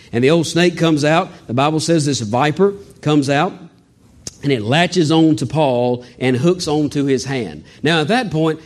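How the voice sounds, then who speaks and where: A man preaching a sermon in a folksy, animated way with joking asides. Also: on the high side. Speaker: pastor.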